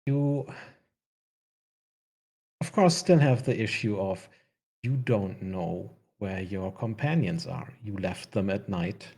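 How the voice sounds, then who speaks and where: A man narrates a tabletop fantasy game as its game master. His voice sits on the low side and he talks at an unhurried pace, breaking into laughter now and then. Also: gravelly, a little mellow, breathy edge. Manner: slow, laughs often while narrating.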